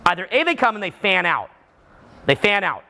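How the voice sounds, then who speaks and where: A man's voice: sits high, moderate pace. A man from Canada giving a live seminar talk to an audience, acting out what people say and often restarting his sentences. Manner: animated, acts out what people say, frequent restarts. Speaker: seminar speaker.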